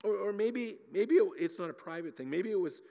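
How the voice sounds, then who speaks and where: Man, pastor, sermon, slightly high voice, animated, stumbling repeats, long reverb of a church hall. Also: fairly quick, vocal fry. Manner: animated, repeats words often, acts out voices.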